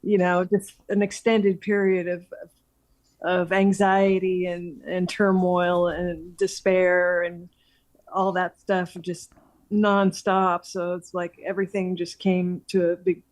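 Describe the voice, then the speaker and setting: A woman reflecting softly in a casual conversation, running her thoughts together with many 'and's. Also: fairly low pitch, little pitch movement, takes it slowly. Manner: soft-spoken, reflective, trails on with 'and'.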